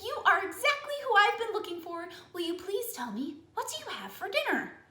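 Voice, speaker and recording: A woman playing a little boy elephant from a storybook, with a squeaky, bouncing, high voice that shoots up and down as he pesters everyone with questions. He sounds eager and endlessly curious, and the voice rings around an echoey room. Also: lively intonation, measured pace, bright, forceful tone, exaggerated voice. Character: curious young male elephant calf.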